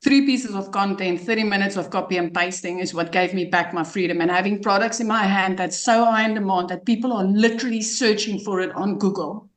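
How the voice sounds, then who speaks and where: A woman with a South African accent giving an emotional, excited testimonial as a guest. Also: mid-range voice, a little fast, hardly any pauses, echoey room. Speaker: guest client.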